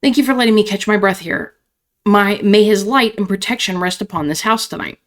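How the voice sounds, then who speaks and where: A woman voicing a pious male doctor who speaks in a solemn, measured, reverent tone. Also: medium pitch, lightly acted.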